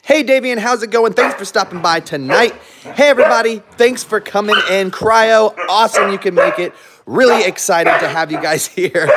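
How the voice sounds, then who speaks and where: A man's voice: high voice, heavy background noise. A man hosting a casual live stream vlog from his home, upbeat and chatty, laughing often while moving around with his dogs. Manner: upbeat, chatty, talks straight to viewers. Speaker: channel host. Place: home, indoors and garage.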